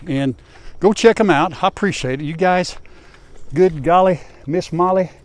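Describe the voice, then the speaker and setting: A man's voice: high voice, normal speed. An older man hosting a farm vlog outdoors, chatting in a folksy, wry way to viewers. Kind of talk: casual vlog to camera. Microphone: lapel.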